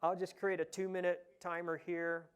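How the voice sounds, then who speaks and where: A man's voice: sits high, moderate pace, clean tone. Chatty man giving a tech talk. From Ohio, USA. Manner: relaxed, chatty, many "uh" fillers. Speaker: conference presenter. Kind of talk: casual tech talk with live demo. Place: conference session room.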